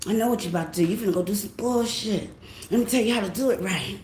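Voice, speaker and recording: A woman voicing her high, rambling older aunt, repetitive and profane. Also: fast talker, darkish tone, lightly acted. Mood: emphatic. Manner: repetitive, emphatic, swearing. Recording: echoey room with faint hiss.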